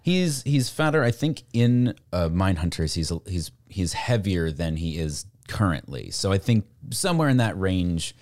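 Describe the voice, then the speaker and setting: A man's voice: deep voice, big pitch swings, measured pace, few pauses, darkish tone. A man co-hosting a podcast, leading the segments in an enthusiastic casual chat. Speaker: podcast co-host.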